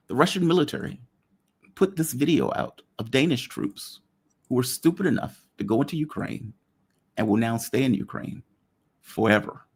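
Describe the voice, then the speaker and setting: Gravelly husky guy hosting a political chat show, blunt, cracks jokes. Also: medium pitch. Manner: blunt, joking, quick asides. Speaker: show host. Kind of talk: casual political talk.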